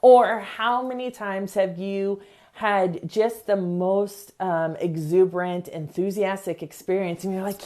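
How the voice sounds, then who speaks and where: A woman's voice: medium pitch, darkish tone. A middle-aged woman hosting a self-help podcast, speaking earnestly in a motivational talk and acting out short examples. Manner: earnest, acts out quick examples in voices. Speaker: podcast host.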